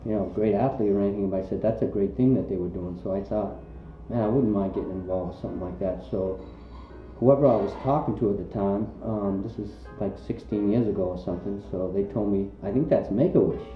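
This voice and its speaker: Rambling low-voiced male volunteer. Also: a little fast. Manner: rambling, many fillers. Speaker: charity volunteer, interviewee. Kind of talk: casual interview answer. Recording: echoey, dull lo-fi sound, faint music.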